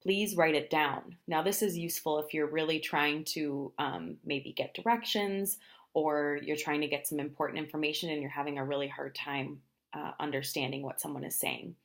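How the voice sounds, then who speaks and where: A woman teaching travel phrases in a language lesson, explaining each phrase and then saying it slowly, often twice. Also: sits low, fairly even intonation, creaky. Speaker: Spanish teacher.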